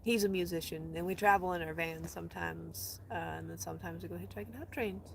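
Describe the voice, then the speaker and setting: A woman talks casually to her viewers, rambling and restarting her sentences. Her voice sits low with a gravelly edge. Faint outdoor noise hangs behind her. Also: steady tone, brisk. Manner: chatty, rambling, self-correcting. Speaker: vlogger answering live chat. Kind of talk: casual livestream chat. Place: outdoors in the desert.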